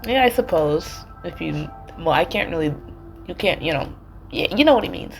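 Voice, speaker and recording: A woman's voice: on the low side, lively intonation, normal speed, gravelly, faint music behind, poor audio. A woman streaming a video game, reading its text aloud and adding hesitant, wry asides. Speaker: gaming streamer. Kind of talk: casual let's-play commentary, reading game text aloud.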